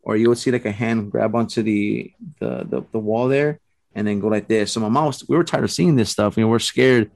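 A man casually telling a long story, rambling and animated, full of fillers. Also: fairly low pitch, fairly quick, creaky, no echo. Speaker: storyteller guest. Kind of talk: casual chat.

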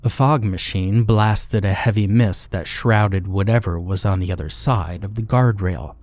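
A man narrating a scary story in a measured, steady delivery. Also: fairly low pitch, dry recording, studio quality. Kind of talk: scripted horror story narration.

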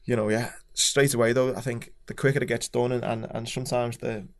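A man with a Scouse accent talks fast and frankly as a podcast guest. His pitch stays fairly even, and dark humour runs through his story. His tone is casual and open. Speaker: podcast guest, former Royal Marine. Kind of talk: casual chat.

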